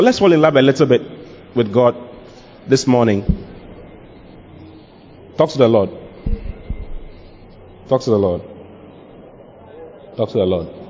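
A man preaching an animated sermon, laughing, mimicking voices and breaking into shouts. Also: medium pitch, slight background noise. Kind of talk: lively sermon. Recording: dull lo-fi recording.

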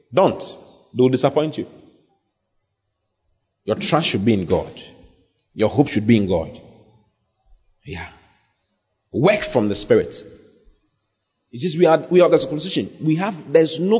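Man preaching a lively sermon in a hall. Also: medium pitch, slightly rough. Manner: preaching with rising emphasis and repeated phrases. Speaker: pastor. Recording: dull sound with long hall reverb.

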